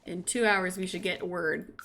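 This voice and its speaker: A woman's voice: on the low side, fairly even intonation, moderate pace, gravelly, sharp tone. A young woman streamer chatting casually as she plays, talking to her game characters and voicing them playfully. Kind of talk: casual gameplay commentary.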